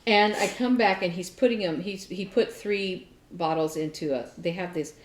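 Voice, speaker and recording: A woman co-hosting a craft podcast, telling a story in a chatty, animated way with lots of fillers. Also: fairly low pitch, moderate pace, reverberant, slight background noise. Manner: chatty, animated retelling with many fillers and laughs. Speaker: podcast co-host. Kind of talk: casual storytelling chat.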